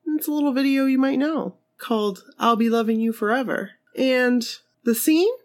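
A woman's voice: high voice, normal speed. A woman co-hosting a podcast in casual chat, laughing easily and exclaiming, before she reads out a story. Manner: laughs easily, exclaims, shrieks when amused. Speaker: podcast co-host.

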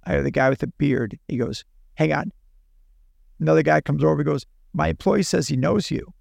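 Man, gravelly voice, slightly high, animated storyteller, dry close sound. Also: brisk, no echo. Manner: animated, acts out dialogue in his own voice. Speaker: podcast guest. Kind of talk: casual storytelling.

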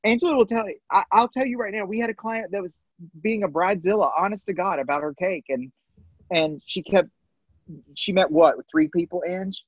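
A man's voice: sits high, fairly quick, breathy edge, no room sound, dull audio. A man, a baker and co-host, chatting casually, swearing now and then and talking to the listeners. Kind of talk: casual podcast chat.

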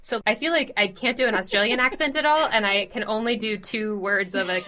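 A woman with a bright, forceful voice talks through a story recap with her co-host. She keeps it chatty and lively and pokes fun at herself. Her pitch sits in an ordinary middle range. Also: brisk. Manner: lively, chatty and self-deprecating. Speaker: podcast co-host. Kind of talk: casual podcast chat and plot summary.

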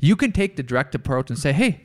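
A man's voice: mid-range voice, expressive, fast. A man co-hosting a podcast in casual chat, earnest, acting out dialogue in voices. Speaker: podcast co-host.

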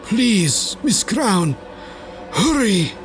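A man's voice: high-pitched, sing-song, extremely slow, soft background music, voice pushed up, exaggerated voice. A man voicing a wounded, cunning duke who speaks formally in a strained, gargling voice. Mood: pleading. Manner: formal stiff speech, pleading.

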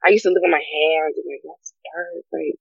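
A young man from the United States in a casual group chat, animated and acting out the voices of people he quotes. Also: a little high, fairly quick, gravelly, husky, dry recording. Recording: slightly dull lo-fi sound.

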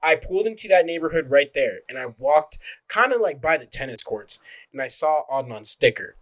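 Animated young man telling a story. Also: a little high, fairly quick, poor audio. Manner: animated, laughing, profane, rambling story with restarts. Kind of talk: casual storytelling among friends.

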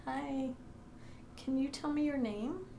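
A woman doing a paranormal investigation in a room of her own house, gently and patiently coaxing unseen presences to speak, with frequent ums. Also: high voice, takes it slowly, creaky, roomy sound.

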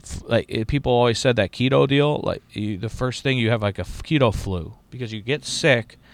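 A man's voice: mid-range voice, fairly quick. A middle-aged man in casual chat as a podcast host, rambling and profane with lots of restarts.

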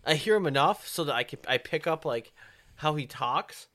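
Casual male co-host, hesitant and rambling, bright voice. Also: a little high, expressive, normal speed. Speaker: podcast co-host. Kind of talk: casual podcast chat.

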